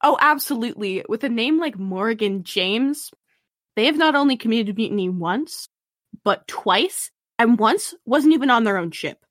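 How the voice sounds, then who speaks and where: A woman joins a tabletop role-playing session as a player, speaking in a slightly high voice. She is playful and expressive, her pitch rising and falling a lot as she jokes along. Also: moderate pace. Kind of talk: in-character tabletop play.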